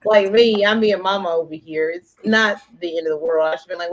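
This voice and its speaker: A woman's voice: medium pitch, a little fast, few pauses, a little mellow, dull audio. A woman co-hosting a casual chat, telling rambling stories with many fillers. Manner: rambling storyteller, many fillers, laughs often. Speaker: co-host.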